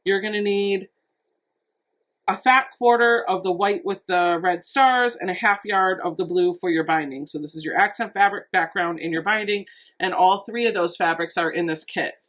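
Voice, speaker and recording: A woman's voice: medium pitch, normal speed, fairly bright tone. A woman quilting vlogger giving a chatty, enthusiastic unboxing walkthrough, thinking aloud as she goes. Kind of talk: casual unboxing narration.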